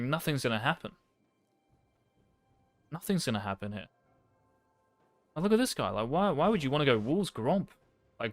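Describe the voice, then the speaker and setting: A man's voice: mid-range voice, a bit bright, dry recording. A young man, coaching a player over a game replay in a blunt, casual and profane way.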